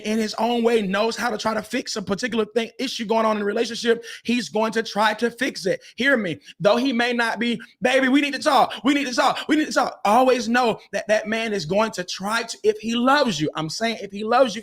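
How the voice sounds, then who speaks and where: A man's voice: sits high, a bit bright. A man, hosting a podcast and giving relationship advice in an emphatic, preacher-like way, repeating phrases and calling out to his listeners.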